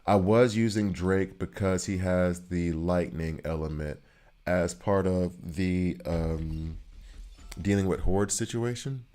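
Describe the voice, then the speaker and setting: A man's voice: deep voice, steady tone, slow, warm tone. A man giving casual, rambling commentary while playing a video game, joking and repeating himself for emphasis. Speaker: gaming streamer.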